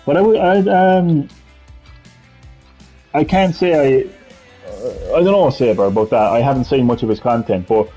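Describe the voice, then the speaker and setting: A husky Irish man chats loosely while he plays, wandering from thought to thought and answering viewers. Faint music runs underneath his voice. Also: mid-range voice, expressive, moderate pace, long pauses, warm tone, poor audio. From Ireland. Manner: rambling, chatty, answers chat. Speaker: gaming streamer. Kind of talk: casual gameplay commentary.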